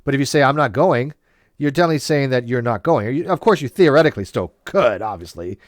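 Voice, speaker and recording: Casual man explaining logic, mid pitch, dry close sound, stops and restarts a lot. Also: expressive, fast talker, no room sound. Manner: explains at length with frequent restarts and "right?" checks. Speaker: debate host. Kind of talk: casual discussion.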